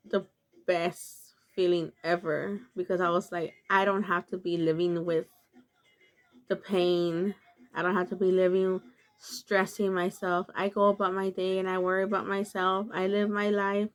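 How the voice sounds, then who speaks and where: Slow, earnest woman vlogger. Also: fairly low pitch, flat delivery. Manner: slow, earnest and confessional, many filler "like"s. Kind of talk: casual storytelling to camera.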